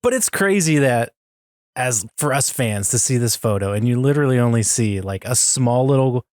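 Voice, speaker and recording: A man in casual podcast conversation, talking with eager fan excitement and laughing often. His voice is close and dry, with no room sound. He fills his talk with lots of "like"s. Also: mid-range voice, normal speed, dry recording. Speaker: podcast co-host.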